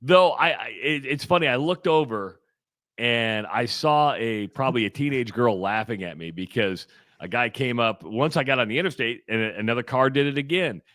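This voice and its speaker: Self-mocking radio co-host. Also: male voice, mid-range voice, lively intonation, fairly bright tone, no echo, studio quality. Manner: self-mocking, halting restarts. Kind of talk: casual morning radio banter.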